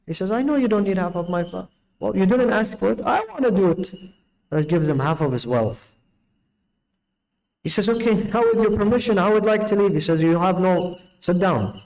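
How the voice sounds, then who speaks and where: High-voiced man preaching a sermon. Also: moderate pace, long pauses, poor audio. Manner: animated storyteller, acts out dialogue with big pitch swings. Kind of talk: Ramadan night sermon storytelling.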